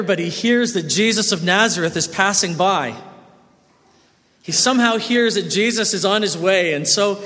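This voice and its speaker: A man preaching from the pulpit with a high, light voice. His delivery is expressive, rising loud and dropping soft, and a long church reverb trails each phrase. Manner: expressive preaching with wide swings in loudness. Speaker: pastor. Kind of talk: sermon. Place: church sanctuary.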